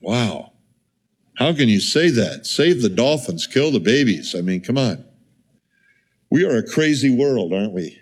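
A man's voice: mid-range voice, sing-song, a little slow, pauses often, slightly rough. A middle-aged male pastor preaching a sermon in a conversational way, with rhetorical questions and asides to the congregation.

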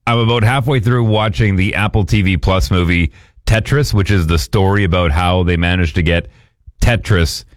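A man with a put-on Russian accent, as a radio host plays him. He speaks slowly and deliberately, pushing his voice well below his usual register. Faint music plays underneath. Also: sits low, no echo, studio quality, natural voice. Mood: playful.

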